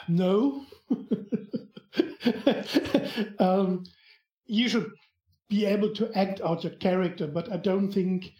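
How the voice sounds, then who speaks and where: A man with a German accent, a podcast guest in casual chat, talking in a halting way as he searches for words. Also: high-pitched, fairly even intonation. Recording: echoey room.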